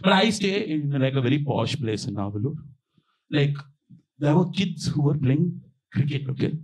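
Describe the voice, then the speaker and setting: A man's voice: on the high side, normal speed, rough recording. A young man performing a stand-up set, telling a story and acting out the people in it. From India. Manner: animated storytelling, acting out quoted voices. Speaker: stand-up comedian. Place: small outdoor backyard venue with live audience.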